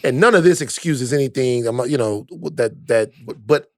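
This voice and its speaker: A man co-hosting a casual movie podcast, speaking in a measured, reflective way. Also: medium pitch, lively intonation, no echo, clean studio sound. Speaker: podcast co-host.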